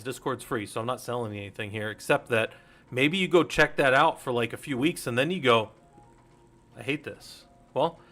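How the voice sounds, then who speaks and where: A middle-aged man hosts a casual teaching stream in a mid-range voice with a sharp tone. He rambles, cuts himself off, and laughs at his own jokes.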